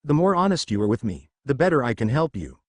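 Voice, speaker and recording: A man voicing a calm, soothing middle-aged male doctor with a confident, measured manner in a storybook reading. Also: medium pitch, no room sound.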